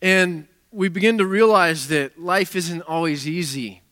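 Male pastor, fairly high bright voice, relaxed conversational sermon, lots of restarts. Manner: conversational, halting with many restarts and fillers.

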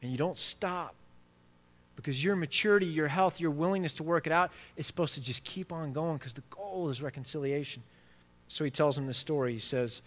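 A man preaching a sermon, swinging between quiet asides and loud, emphatic stretches. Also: on the high side, a little fast. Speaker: pastor. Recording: long reverb of a large hall.

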